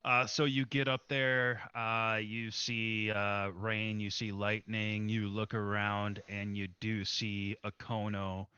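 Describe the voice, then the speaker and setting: Man, game master, slow, halting, bright edge, dull dry mic. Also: fairly low pitch, little pitch movement, clear, resonant tone, no echo. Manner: slow, hesitant, many fillers. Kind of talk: narrating a tabletop game.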